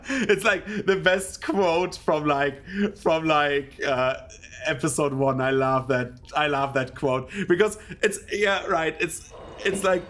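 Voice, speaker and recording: A young man with a German accent, rambling casually and laughing while commenting on his gameplay. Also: fairly high pitch. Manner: rambling, laughs often, excitable bursts. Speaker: gaming streamer.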